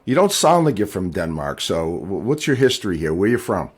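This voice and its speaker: Low-voiced man hosting a podcast. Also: brisk, slightly rough. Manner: relaxed, rambling questions with many fillers and restarts. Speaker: podcast host. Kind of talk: casual interview chat.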